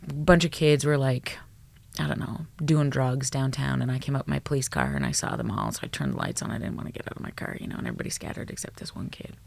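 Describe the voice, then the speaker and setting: Brief: woman psychologist guest, gravelly and husky, blunt, animated, swears freely. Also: a bass voice, quick pace. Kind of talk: storytelling in a podcast interview.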